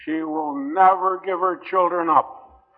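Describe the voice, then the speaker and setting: A high-pitched male preacher pleads earnestly through an old-time gospel sermon, slow and deliberate, with long gaps between phrases, big pitch swings, and a creaky voice. The hall adds long reverb to a thin, phone-like recording.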